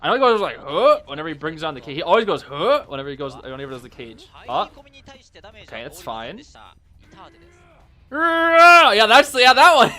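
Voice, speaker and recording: A man giving casual, excitable live commentary on a game match, rambling with lots of fillers. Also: on the high side.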